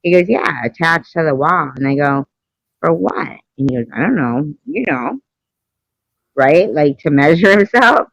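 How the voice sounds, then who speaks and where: A woman's voice: low-pitched, lively intonation, a little slow, gravelly, dry recording, poor audio. A middle-aged woman hosting a casual live stream, blunt and teasing, telling stories and laughing often.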